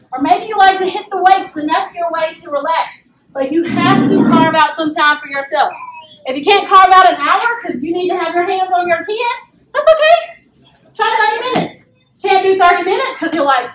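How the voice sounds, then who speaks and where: A young woman giving a lively motivational talk to a live audience, often acting out voices and asking them to respond. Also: very high voice. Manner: animated, acts out voices and calls for audience response. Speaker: speaker at a parent event. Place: meeting room with live audience. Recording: echoey room, distant mic, faint noise.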